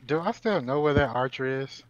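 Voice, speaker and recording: A man's voice: medium pitch, brisk, highs cut off. A man playing in a tabletop game, stating his moves and rolls matter-of-factly. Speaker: player. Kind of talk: casual tabletop play.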